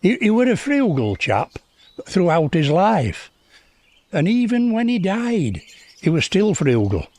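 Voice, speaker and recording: A man's voice: high voice, huge pitch swings, a little slow, a little mellow. A man telling local history in a chatty, good-humoured way.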